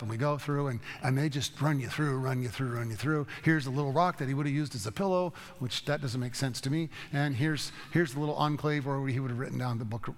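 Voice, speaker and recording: Heard with a long reverb tail, this Bible study teacher speaks at a medium pitch. His informal teaching talk wanders through folksy stories, and he restarts as he rambles.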